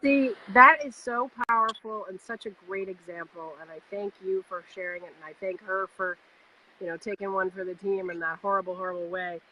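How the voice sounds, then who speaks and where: A woman's voice: mid-range voice, steady tone, a little fast, bright, forceful tone, poor audio. A woman hosting a podcast, speaking in a reflective, encouraging way. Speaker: podcast host. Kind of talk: casual heartfelt conversation.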